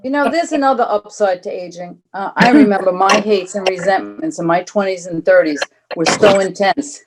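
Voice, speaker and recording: A woman's voice: mid-range voice, normal speed, over a noisy crowd. A woman in her sixties from New York doing a stand-up set with a dry, wry delivery. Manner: dry, wry deadpan delivery of one-liners. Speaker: stand-up comic. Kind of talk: stand-up set over video call.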